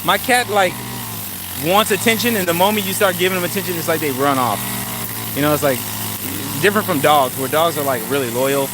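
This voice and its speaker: Middle-aged man, slightly high voice, easygoing rambling live-stream chat, handheld phone, outdoor traffic noise. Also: fairly quick. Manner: easygoing, rambling with many fillers, greets viewers. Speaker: channel host. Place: outdoors in a yard.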